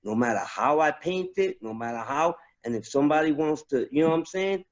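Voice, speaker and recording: A fairly high-voiced man tells stories from his army days in a loose, profane chat, piling on restarts as he goes. The recording sounds dull and lo-fi. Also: fairly quick. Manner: profane, animated, many restarts. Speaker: guest, army veteran. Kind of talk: casual storytelling chat.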